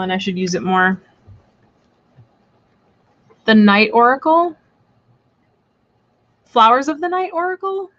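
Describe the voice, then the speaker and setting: Hosting a live tarot reading stream, a woman with a medium-pitched voice chats and rambles with plenty of fillers, and the recording's highs are cut off. She's blunt and playful, swearing casually.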